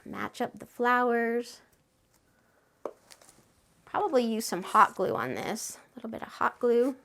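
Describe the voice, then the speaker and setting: A woman with a slightly high voice walks through a craft project step by step. She talks in a chatty, friendly way and gushes with excitement as she works. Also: unhurried, gravelly, a little hiss or hum. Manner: gushing, excitable. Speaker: craft tutorial host.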